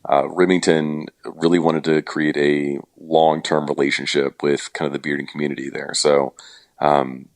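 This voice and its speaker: This podcast guest, who organizes events, has an exceptionally deep voice and keeps things casual and humorous, leaning on fillers as he talks. The recording is dry and close-miked, with no echo.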